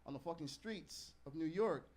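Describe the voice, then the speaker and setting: A man's voice: a little high, animated, normal speed, a little mellow. A man doing a stand-up comedy set, joking profanely about himself and talking straight to the crowd. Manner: profane, self-mocking banter with the crowd. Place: comedy club stage.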